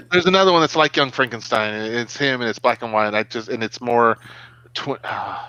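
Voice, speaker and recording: A man's voice: mid-range voice, moderate pace, sharp tone, clear, resonant tone, no room sound, muffled recording. A middle-aged man co-hosting a live web show, chatting casually and acting out what his kids say. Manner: storytelling, acts out quotes from his kids. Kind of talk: casual live-stream chat.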